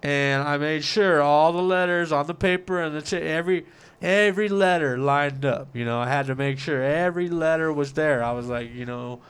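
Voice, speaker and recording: A man telling a swearing, animated story about winning a lottery prize, acting out what everyone said. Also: on the high side, moderate pace, clean tone. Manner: profane, animated, acts out quotes. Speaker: lottery winner guest. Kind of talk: casual storytelling.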